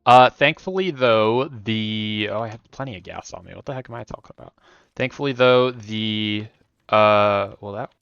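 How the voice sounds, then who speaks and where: Young guy streaming, low gravelly voice, rambly jokey commentary, kinda muffled dry mic. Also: fairly bright tone, no room sound. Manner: rambling, jokey self-mocking asides. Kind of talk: casual gameplay commentary.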